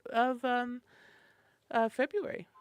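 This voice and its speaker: In a radio studio, a woman co-hosting a morning show reads through a calendar of community events, chatty and enthusiastic. Her fairly high voice is steady, slow, clear and resonant, picked up by a studio microphone in a dry recording.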